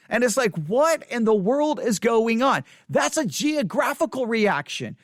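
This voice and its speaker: Emphatic high-voiced male podcast host. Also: fairly bright tone, no echo, studio quality. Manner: emphatic, repetitive, wry asides. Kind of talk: opinionated theology podcast monologue. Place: West Texas.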